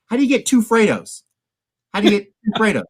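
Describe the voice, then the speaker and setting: A man hosting a casual political livestream chat, excitable and hot-headed, often repeating himself and swearing. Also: sits high, fast, husky. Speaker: livestream host.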